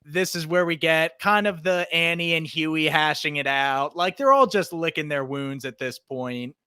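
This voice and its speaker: Casual male podcast co-host: bright and forceful, slightly high, joking, dry close mic. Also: normal speed, clear, resonant tone, dry recording. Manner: animated, joking recapper.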